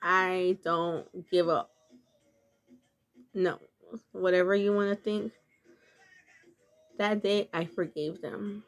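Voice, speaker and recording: A woman vlogger talks slowly and unhurriedly, sharing a personal story to her viewers. She sounds earnest and confessional, speaking in a loose, casual way full of filler words. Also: on the low side, steady tone, faint music behind.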